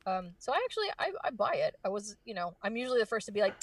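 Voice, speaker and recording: A woman voice actress being interviewed, chatting casually and fast with lots of fillers and restarts. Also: medium pitch, big pitch swings, recorded from a distance. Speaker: voice actress guest.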